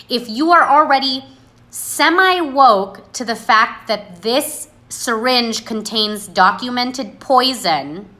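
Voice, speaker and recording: A woman's voice: medium pitch, sharp tone. A woman hosting a casual livestream monologue, talking bluntly and sarcastically without apology. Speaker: livestream host. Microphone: phone.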